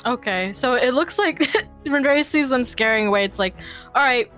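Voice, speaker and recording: A woman's voice: sits high, lively intonation, normal speed, a bit bright, faint music behind. A woman playing a tabletop game, talking hesitantly with many fillers and restarts. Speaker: player.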